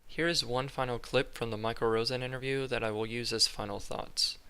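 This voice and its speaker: A young man reading a scripted class presentation in a flat, monotone way. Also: medium pitch, a little fast, hardly any pauses, clean tone. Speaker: student presenter. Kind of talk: scripted narration.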